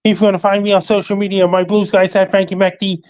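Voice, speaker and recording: A man appearing as a podcast guest, talking in a flat recital that lists facts, dates and handles one by one. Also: high-pitched, fast talker. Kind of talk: casual call-in chat.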